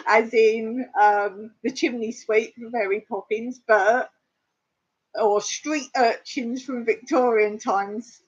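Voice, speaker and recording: A woman's voice: on the high side, fairly even intonation, slow, breathy edge. A middle-aged English woman hosting a casual live-stream chat, talking with viewers and laughing often. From England. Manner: chatty, laughs often, answers viewer comments. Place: rural home in Cyprus. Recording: dull lo-fi stream audio.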